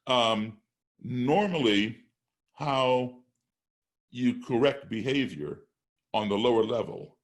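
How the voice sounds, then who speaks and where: A middle-aged American man guests on a podcast, telling a story slowly in an expressive, medium-pitched voice and pausing often. He builds emphatic points step by step and acts out classroom exchanges.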